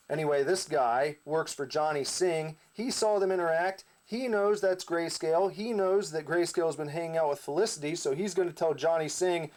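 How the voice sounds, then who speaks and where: A man's voice: fairly high pitch, normal speed, hardly any pauses, a little mellow. A man casually recapping his own comic, rambling with asides. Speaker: comic creator.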